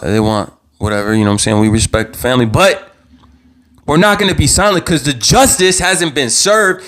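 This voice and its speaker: A young man hosting his own live show, giving impassioned commentary in a heated, worked-up voice, repeating himself and stumbling over restarts as he gets louder. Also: mid-range voice, a little fast. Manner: heated, repetitive, stammering restarts, rising to near-yelling. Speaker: vlog host.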